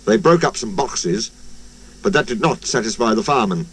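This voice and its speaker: A man narrating a children's story in a slow, highly animated storytelling manner. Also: breathy edge.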